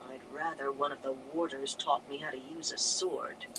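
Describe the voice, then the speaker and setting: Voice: mid-range voice, lively intonation, unhurried, lightly acted. A reader playing a stubborn, short-tempered young woman from an audiobook, speaking stiffly with a growl. The reading carries a constant vehicle hum and noise underneath.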